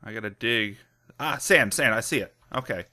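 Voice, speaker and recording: A man hosting a let's play who gives casual, excitable commentary with lots of laughs and jokes at his own expense. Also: lowish voice, normal speed. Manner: excitable, self-mocking, laughs often.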